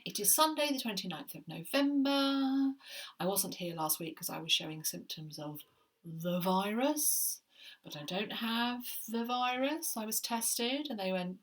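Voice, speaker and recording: A woman's voice: on the high side, animated, normal speed, fairly bright tone, recorded from a distance. A middle-aged woman chatting playfully about books to camera at home, her voice slightly chesty and catching now and then. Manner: chatty, playful and self-mocking, rambling asides. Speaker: book vlogger. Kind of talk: casual chat to camera.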